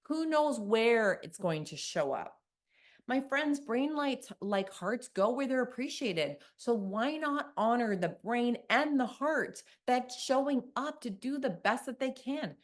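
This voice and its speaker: A woman from Canada gives a keynote talk at a conference. Her voice sits slightly high and swings widely in pitch as she tells stories. She keeps asking her listeners questions as she goes. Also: unhurried. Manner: lively storytelling, asks the audience questions. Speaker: keynote speaker.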